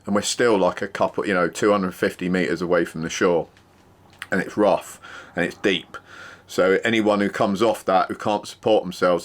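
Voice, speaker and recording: A man, a former security worker, casually telling a true story and acting out the exchanges in it. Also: low voice. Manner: animated retelling, acting out quoted exchanges.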